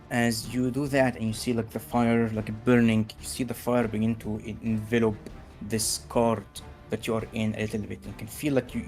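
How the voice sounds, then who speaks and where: A man narrating as game master of a tabletop game, relaxed and full of fillers. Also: medium pitch.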